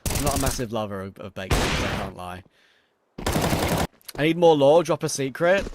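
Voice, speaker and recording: A man's voice: mid-range voice, very animated, moderate pace, heavy background noise. A young man with a London accent, casually commentating an esports match and chatting with viewers while losing his voice. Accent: London English. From England. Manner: casual, chatty, answers viewer questions between plays. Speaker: esports caster. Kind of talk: solo esports commentary with chat reading. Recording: game sound and gunfire behind the voice.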